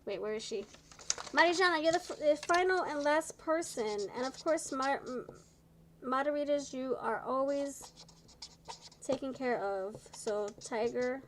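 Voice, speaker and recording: A woman with a slightly high voice hosts a live tarot reading, speaking in a chatty, encouraging way. She sounds tired and low on energy, and sometimes stumbles over her words. A faint hiss of noise sits under her voice. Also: a little slow, rough recording. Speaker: tarot reader.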